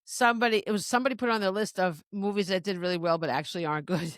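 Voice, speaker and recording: A woman's voice: mid-range voice, steady tone, rapid-fire, dry recording. A middle-aged woman chatting on a podcast in a rambling way, often restarting her sentences and breaking into laughs. Her voice sits in an ordinary middle register. It sounds dry and close, with no room around it. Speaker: podcast co-host. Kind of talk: casual chat.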